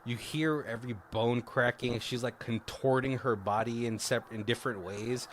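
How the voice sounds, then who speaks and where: A man's voice: medium pitch, steady tone, moderate pace, a bit bright, a little hiss or hum. A man casually recapping a movie plot on a podcast, rambling with lots of fillers and self-corrections. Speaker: podcast co-host.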